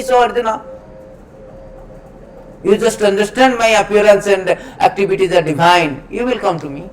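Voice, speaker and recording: A man's voice: high-pitched, a little fast, slight background noise, low-quality recording. A man giving a scripture lecture, emphatic and repetitive, chanting Sanskrit verses in between. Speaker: preacher.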